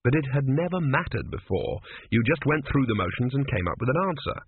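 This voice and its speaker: A man narrates a fantasy novel in a measured, dry way, his voice slightly husky. The audio is narrow and tinny, like a phone line. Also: medium pitch, big pitch swings.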